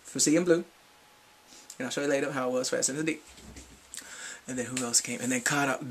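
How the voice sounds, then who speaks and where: A man giving a casual fan recap vlog, excitable and swinging between whispers and shrieks. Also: mid-range voice, quick pace, long pauses. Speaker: fan vlogger.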